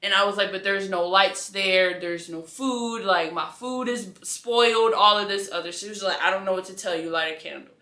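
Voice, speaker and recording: A woman's voice: medium pitch, fairly even intonation, moderate pace, few pauses, sharp tone. A young adult woman giving an earnest, conversational personal faith testimony as an interview guest, with casual slang. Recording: echoey room.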